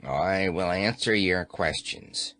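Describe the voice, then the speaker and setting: A sly, defiant old witch growls out her answers low and reluctant, as a man puts her on. The voice drops well below an ordinary speaking pitch and drags out each word. This is storybook reading, with the witch sulking under questioning. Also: a little slow, creaky, sharp tone, dry recording, heavily acted. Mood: sullen. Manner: sullen, grudging.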